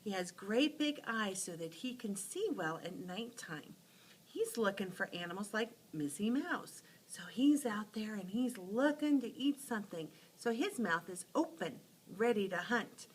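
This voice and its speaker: Animated woman teaching letter sounds. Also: mid-range voice, unhurried, slightly rough, poor audio. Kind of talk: phonics lesson storytelling.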